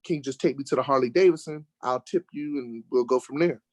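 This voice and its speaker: An American man telling a lively road-trip story in casual conversation, getting worked up when he acts out arguments. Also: medium pitch, fast, no room sound. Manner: animated storyteller, rising sharply when acting out arguments. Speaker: guest telling a travel story. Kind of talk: casual storytelling in an online talk show.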